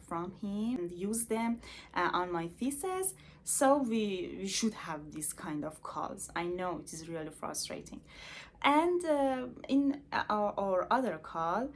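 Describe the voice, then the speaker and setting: Iranian-accented young woman vlogging a story, slow, lots of uhs, lively pitch. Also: a little hiss or hum. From Iran. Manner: hesitant, many filler sounds. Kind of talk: personal storytelling.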